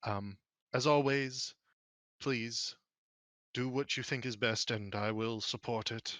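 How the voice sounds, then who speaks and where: A stern noble father speaks formally and with measured bluntness, as a man acts him out. His voice sits in a middle pitch. The recording is dry and close. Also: fairly even intonation, fairly bright tone, no room sound.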